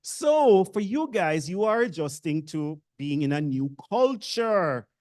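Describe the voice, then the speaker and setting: Taking it slowly in a sing-song, slightly mellow mid-range voice, a speaker with a Jamaican accent gives new university students a casual orientation address. Expect jokes, teasing, self-deprecating humor, and lots of chatting with the audience.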